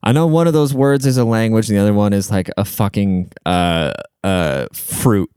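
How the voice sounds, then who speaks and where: A man's voice: fairly low pitch, moderate pace, darkish tone, clear, resonant tone, dry recording, clean studio sound. A young man ranting casually, profane, sarcastic and rambling, stopping to look things up as he talks. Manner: looks things up mid-talk. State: short of breath at times. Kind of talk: casual rant.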